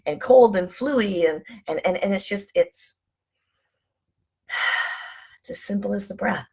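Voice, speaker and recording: A woman vlogger giving casual motivational talk, calmly encouraging listeners to breathe and slow down. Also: medium pitch, vocal fry, husky. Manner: calm, encouraging, coaching listeners through breathing. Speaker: wellness vlogger.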